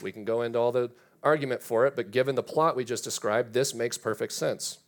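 Male pastor, animated sermon, scripture readings, rhetorical questions, mid-pitched voice. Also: a little fast, hardly any pauses.

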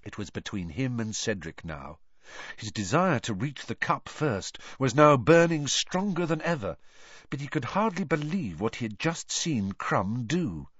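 Man reading a story, lively and dramatic. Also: medium pitch, measured pace, husky, no room sound, lo-fi sound. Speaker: audiobook reader. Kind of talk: storybook narration.

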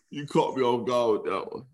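A man's voice: mid-range voice, fairly bright tone. A man co-hosting a podcast in casual chat, talking in a laid-back, slangy way. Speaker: podcast co-host.

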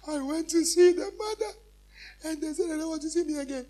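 A preacher voicing a heartbroken young woman who pleads softly and tearfully for help. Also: extremely high pitch, brisk, voice pushed up. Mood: tearful pleading.

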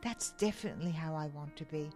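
A woman's voice: low-pitched, fast, a little mellow, faint music behind, natural voice. A woman reading the part of a restless, cheeky monkey who asks questions with eager curiosity. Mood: curious.

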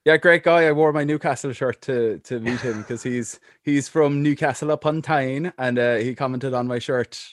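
A young man who writes about wrestling, talking as a guest in a relaxed chat. He gives blunt opinions and laughs easily. His voice is mid-pitched and very dry, with no room sound. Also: normal speed, few pauses, dry recording. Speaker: wrestling journalist, podcast guest. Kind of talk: casual chat.

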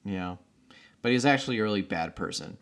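Man, lowish voice, casual movie recap, jokey, mimics characters. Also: lively intonation, brisk, a bit bright. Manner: jokey, acts out characters in big high voices. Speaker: podcast co-host.

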